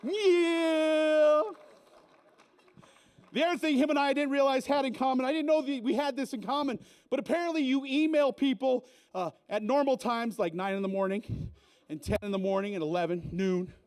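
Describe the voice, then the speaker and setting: A man's voice: very high voice, fairly quick, a little mellow. A man working a live event crowd as emcee, teasing the audience in a playful, joking way on a stage mic. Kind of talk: live comedic emcee set.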